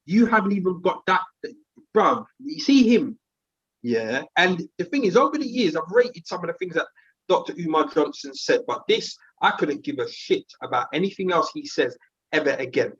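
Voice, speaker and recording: A man's voice: a little high, moderate pace, husky, muffled recording. A man, talking heatedly and indignantly in a casual podcast discussion, using slang. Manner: animated, indignant, uses slang.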